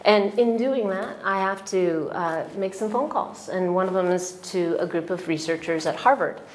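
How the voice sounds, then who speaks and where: A woman shares a heartfelt personal testimonial, her voice sitting at an ordinary middle pitch. She tells her story with emotion, stumbles and restarts often, and slips into quoted voices of the people in it. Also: moderate pace, slight background noise. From United States. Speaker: retreat participant giving a testimonial.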